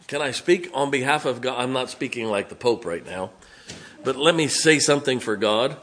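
A man's voice: medium pitch, moderate pace, pauses often, a bit bright. A man preaching a sermon, folksy, joking and blunt as a pastor speaking to his congregation.

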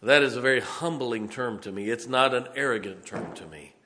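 Brisk and lively in intonation, this man's mid-range voice sounds pushed and bright as he preaches a folksy sermon, performing the voices of the people in his story. The church sanctuary leaves a long reverb on the recording.

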